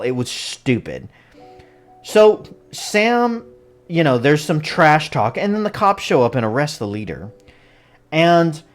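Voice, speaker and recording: Casual film reviewer, incredulous and ranting, lively pitch, faint music underneath. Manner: animated, incredulous, exasperated rants. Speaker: movie reviewer.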